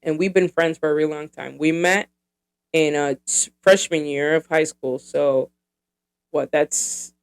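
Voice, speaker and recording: This woman in her thirties hosts her own podcast, her low voice steady, clean and a little slow. She talks casually and rambles, swearing freely and leaning on plenty of fillers.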